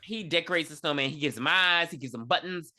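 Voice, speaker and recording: A man's voice: on the high side, quick pace, sharp tone. A man co-hosting a podcast, recapping a movie plot with sarcastic, profane commentary. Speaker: podcast co-host. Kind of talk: casual movie review chat.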